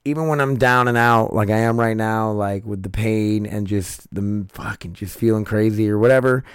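Guy with a scratchy worn-out throat rambling into a dry close mic, lowish voice. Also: normal speed, smooth, no echo. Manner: rambling, profane, self-interrupting. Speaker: podcast host. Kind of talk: casual late-night monologue.

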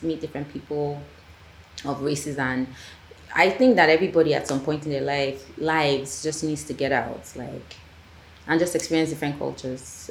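Low-voiced Nigerian woman, animated storyteller. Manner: animated storyteller, acts out quotes. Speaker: podcast guest, filmmaker. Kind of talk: casual conversational interview. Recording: echoey room, faint ambient noise.

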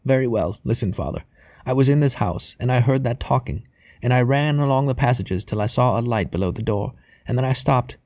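A man reading an audiobook, voicing a frail, frightened old woman in a hushed, quavering voice. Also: medium pitch, a little fast, no room sound, studio quality, voice pushed up, natural voice. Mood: fearful hushed.

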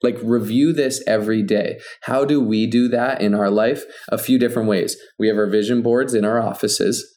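Male podcast co-host, low and warm, casual motivational chat with lots of "like". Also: fairly even intonation, normal speed, few pauses. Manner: earnest, coaching tone with many "like" fillers.

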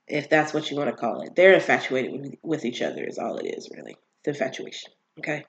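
A person casually recapping a TV series on their own channel, animated and exasperated, with emphatic asides and quick impressions of the characters. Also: medium pitch, gravelly. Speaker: TV show recapper.

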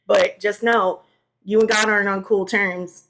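A woman's voice: mid-range voice, fairly even intonation, unhurried, fairly bright tone, slight background noise, rough recording. A woman doing laid-back slangy angels. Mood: reassuring. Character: band of casual reassuring angels.

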